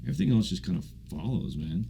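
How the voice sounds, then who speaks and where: Deep, mellow-voiced laid-back male guest. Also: very animated, quick pace, gravelly, a little hiss or hum. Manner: laid-back, slangy, says man and bro. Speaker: guest, tech sales professional. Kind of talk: casual conversational interview.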